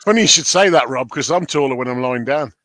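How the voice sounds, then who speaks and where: Teasing co-host reading chat. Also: male voice, mid-range voice, lively intonation, fast talker, fairly bright tone, no room sound. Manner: playful, teasing, reads out chat. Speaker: co-host reading viewer comments. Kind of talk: casual live-stream chat.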